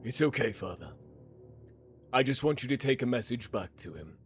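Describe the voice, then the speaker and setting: A man voicing a large, cold-blooded man who speaks in a flat, measured, unrepentant way. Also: medium pitch, soft background music, close to an everyday voice. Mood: cold, calm.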